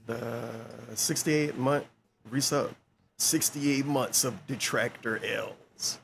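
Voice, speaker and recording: A man's voice: medium pitch, slow, gravelly, a bit bright, slight background noise. A man streaming, reacting to a video with casual, sarcastic commentary and reading out donations. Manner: sarcastic and mocking.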